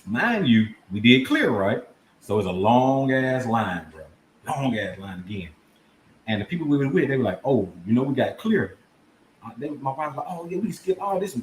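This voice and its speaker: A man's voice: medium pitch, moderate pace. A man telling a comedic story on a podcast, acting out voices and laughing as he goes. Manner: animated, acts out voices and laughs mid-story. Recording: echoey room with faint background noise.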